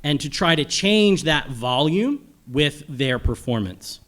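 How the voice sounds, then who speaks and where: A man's voice: on the high side, expressive, slow, fairly bright tone. A middle-aged man giving a casual panel lecture on audio to a room, rambling and often checking in with "okay?" and "right?". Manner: chatty and rambling, asks "okay?" and "right?" after points. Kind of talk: live panel lecture to an audience.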